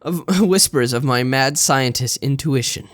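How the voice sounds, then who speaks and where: A man's voice: mid-range voice, a little slow, no echo, pitched below the performer's own voice, natural voice. A man voicing a grandiose young self-styled mad scientist, reading game dialogue aloud with theatrical, pompous declarations.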